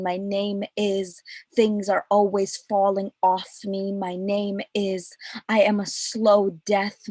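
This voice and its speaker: A woman recites a spoken word poem in a slow, deliberate, repeating cadence. Her delivery stays level and even, with little rise and fall. The sound is dry and close, with no room around it. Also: mid-range voice, dry recording. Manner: slow, measured, repetitive cadence. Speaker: poet. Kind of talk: spoken word poetry reading.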